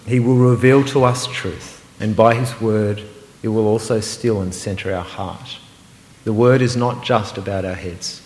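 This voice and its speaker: Earnest preacher in an echoing hall. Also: male voice, lowish voice, steady tone, a little slow. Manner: earnest, builds to emphatic declarations then drops to hushed meditative repetition. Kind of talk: sermon. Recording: roomy hall with long reverb.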